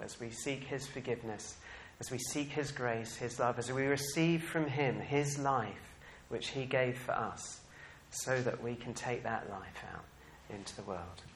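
With slight noise in the background, a medium-pitched man gives a sermon to his congregation. He laughs often and stays animated, alternating between calm reflection and booming bursts of enthusiasm.

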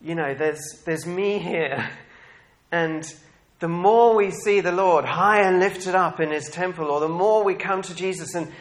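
A man preaching a sermon to his congregation, animated and laughing often, swinging from quiet reflection to loud bursts of excitement. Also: sits high, a little slow.

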